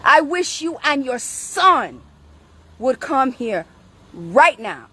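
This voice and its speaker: A high-pitched woman with a bright, sharp edge to her voice, on an angry livestream rant outdoors. She is confrontational and swears. She often breaks into shouting. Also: big pitch swings, slow pace, breathy edge. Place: outdoors in front of her house.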